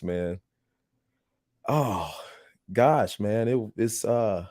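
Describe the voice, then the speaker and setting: Laughing, storytelling man with a mellow voice. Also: fairly low pitch, dry recording, studio quality. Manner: animated, laughs often, acts out quoted voices. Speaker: podcast host. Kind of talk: casual storytelling.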